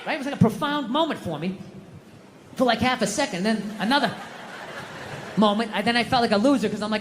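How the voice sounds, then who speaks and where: A man doing a stand-up comedy set, telling stories in loud, exasperated rants that jump to high-pitched outbursts. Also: quick pace, pauses often, a little hiss or hum. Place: large outdoor venue. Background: audience laughter.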